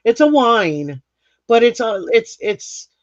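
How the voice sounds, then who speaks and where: Chatty woman hosting a craft live stream, slow unhurried talk, dry muffled sound. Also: fairly high pitch, big pitch swings, no room sound. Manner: chatty, laughs often, rambling restarts. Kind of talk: casual chat while reading comments.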